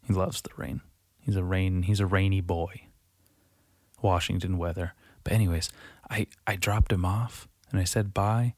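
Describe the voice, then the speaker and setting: A man's voice: low-pitched, fairly even intonation, moderate pace, a little mellow, no echo, clean studio sound. A young man in his twenties hosting a solo podcast in a darkened room, rambling and confessional, swearing often and padding his talk with fillers. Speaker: podcast host. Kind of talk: late-night solo podcast monologue. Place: darkened room lit by Halloween lights.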